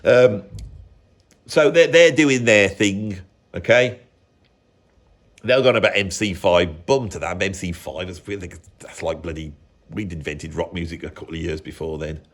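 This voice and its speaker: A man's voice: deep voice, unhurried. A British man in his fifties, a music vlogger giving a rambling, mocking casual rant peppered with mild swearing. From Britain.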